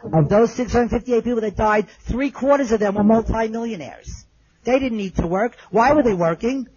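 Man, middle-aged, personal storytelling, earnest, dull lo-fi recording. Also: moderate pace. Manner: earnest, drops low and soft at moving moments. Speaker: survivor telling his story.

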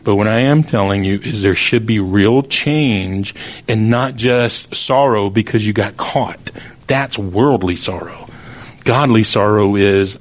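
A man's voice: on the low side, takes it slowly. A male preacher giving a conversational sermon to a live audience, with joking asides and acted-out quotes. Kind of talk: casual sermon.

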